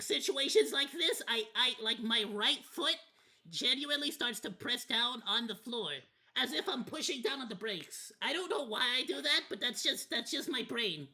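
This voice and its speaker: Bright-voiced rambling streamer guy. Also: extremely high pitch. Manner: rambling, candid, casually profane. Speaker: VTuber streamer. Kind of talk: casual watch-party commentary.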